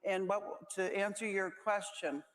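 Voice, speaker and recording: A middle-aged woman speaking on a panel, close to tears, stressed and halting, with many restarts. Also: mid-range voice, fairly even intonation. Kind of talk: emotional panel talk. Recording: reverberant hall.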